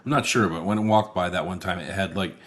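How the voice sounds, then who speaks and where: A man with a very low, deep voice talks through a movie in relaxed podcast banter. He sounds tired and a little sleepy, drops swear words casually, and lets his sentences trail off before finishing them. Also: fast talker. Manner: laid-back, swears often, trails off mid-thought. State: tired and yawning late at night. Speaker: podcast co-host. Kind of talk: casual movie-review chat.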